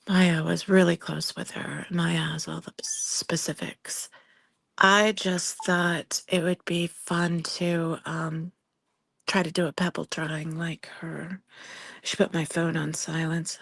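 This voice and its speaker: Casting: woman streamer, lowish voice, hoarse and fading, half-whispered, tearful casual chat at her desk. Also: dry recording. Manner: soft-spoken, often half-whispering; tearful, grieving. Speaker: livestreamer. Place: home desk.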